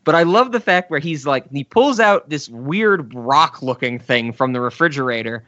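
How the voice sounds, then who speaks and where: A man co-hosting a casual podcast, his bright, slightly higher voice swinging up and down as he talks. He laughs often and tosses in quick asides. The sound is dry and a little dull and lo-fi. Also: lively intonation, no echo. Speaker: podcast co-host. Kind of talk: casual chat about sketch comedy.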